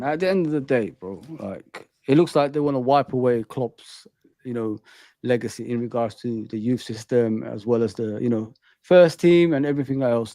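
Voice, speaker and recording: A man's voice: mid-range voice, darkish tone, no echo. A man hosting a casual football chat, talking loosely with lots of "man" and "bro". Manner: chatty, says "man" and "bro" a lot. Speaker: host.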